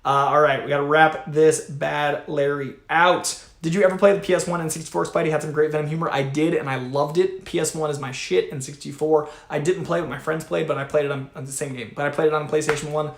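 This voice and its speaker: A man hosting a livestream, reading viewer super chats aloud in an energetic, profane, chatty way. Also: a little high, fast talker, hardly any pauses. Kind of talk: casual livestream chat. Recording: echoey room.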